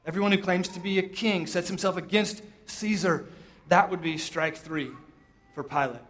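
A man preaching a sermon, retelling a scripture story with dramatic pauses and quoted lines. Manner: storytelling, voices quotes with rising pitch, drops soft for emphasis.

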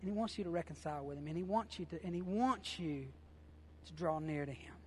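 Man, pastor, sermon, high pitch, impassioned, colloquial, repeats himself. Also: brisk, a little mellow, a little hiss or hum. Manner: impassioned, conversational preaching with repeated phrases; colloquial, informal grammar.

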